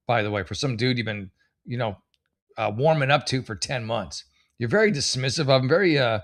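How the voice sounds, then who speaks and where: In his forties, this man hosts a comedy advice show, reading posts out loud and answering them with sarcastic, rambling, exasperated remarks. His voice sits at a medium pitch.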